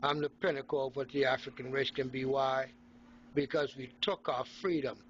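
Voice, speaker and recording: A man's voice: mid-range voice, fairly even intonation, normal speed, a bit bright, dull audio, a little hiss or hum. A middle-aged man from Haiti, ranting sarcastically and combatively into his phone in an indoor room. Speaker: vlogger. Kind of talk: ranting selfie monologue.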